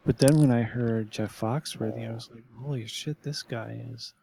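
Gravelly man rambling in casual chat. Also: medium pitch, steady tone, moderate pace, dark tone, slight background noise. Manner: rambling, full of fillers and restarts.

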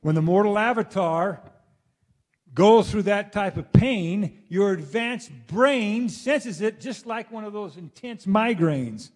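Man, high voice, rambling monologue, animated, acts out outbursts, swears freely. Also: takes it slowly. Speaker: speaker addressing his listeners. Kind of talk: rambling spoken monologue to an audience.

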